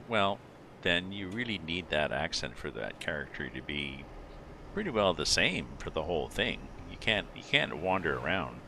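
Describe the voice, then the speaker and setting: A middle-aged man with an extremely deep, gravelly voice chats loosely with his live viewers, wandering between thoughts with plenty of ums. His delivery rises and falls in a lively way, and game engine and road noise runs clearly beneath him. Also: moderate pace. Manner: rambling, thinks aloud with many fillers. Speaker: livestreamer playing a driving game. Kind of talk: casual chat with live viewers. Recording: game vehicle noise underneath. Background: truck engine and road sounds from the game.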